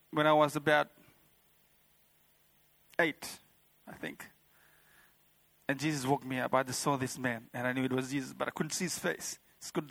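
Man, church testimony, rambling, heartfelt, fillers, slightly high voice. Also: creaky, fairly bright tone, dry recording. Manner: rambling, heartfelt, full of "you know" and "like". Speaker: church member giving a testimony. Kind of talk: personal testimony to a congregation.

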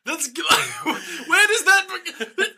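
High bright-voiced guy recapping a movie at home, swears a lot, goes up and down a ton doing the characters. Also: very slow, gravelly. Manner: sweary, animated, acts out characters mid-recap. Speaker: podcast co-host. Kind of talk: casual movie-review banter.

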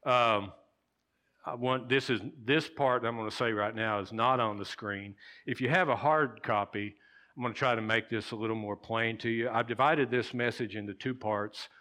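A man's voice: mid-range voice, steady tone, normal speed, pushed and bright. A man, a pastor, preaching a sermon in a conversational way, repeating key phrases and checking in with "okay?".

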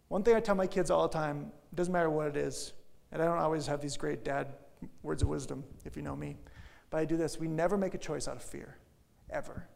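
A middle-aged male pastor giving an energetic, conversational sermon that swings from loud to soft. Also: a little high, normal speed, vocal fry.

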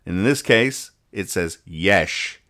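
A man's voice: lowish voice, lively intonation, normal speed, fairly bright tone. A man hosting a casual podcast, reading comic strips aloud and explaining the jokes in a dry, mock-serious way. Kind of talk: casual chat.

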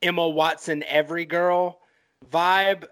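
Enthusiastic male co-host, rambling, bright and tense-edged, fairly high. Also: steady tone, unhurried, clean tone. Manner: rambling, filler-heavy, enthusiastic. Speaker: podcast co-host. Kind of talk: casual film podcast chat.

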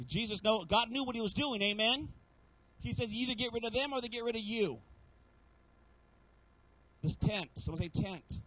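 A man's voice: high voice, rough recording. A middle-aged man preaching as a pastor, telling stories with humor and calling out to the congregation again and again. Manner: animated preaching with repeated calls to the congregation; storytelling with humor. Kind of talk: sermon.

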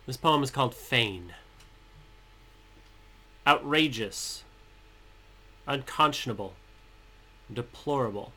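A man co-hosting a podcast, joking dryly and then reading his own political poem in a measured way. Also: medium pitch, animated, bright, forceful tone. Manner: dry, teasing, measured when reading. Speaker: podcast co-host and poet. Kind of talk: casual chat and poetry reading.

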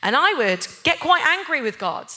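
A woman's voice: high voice, big pitch swings, moderate pace, sharp tone. A woman giving a church sermon, speaking conversationally and personally, then building to impassioned, emphatic points. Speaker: church speaker, head of a neighbour-love ministry. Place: church gathering.

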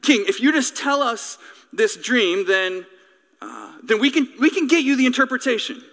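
A preacher doing nervous stammering advisers. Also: male voice, very high voice, very animated, moderate pace, fairly bright tone, in a large hall, voice pushed up, heavily acted. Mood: pleading. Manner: stammering, pleading. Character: nervous royal advisers, male, pleading.

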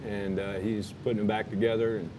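A man's voice: fairly low pitch, little pitch movement, brisk, a little mellow, slight background noise. A man on a motorcycle trip chatting casually, rambling and laid-back with many fillers. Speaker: motorcycle traveler. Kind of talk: casual chat.

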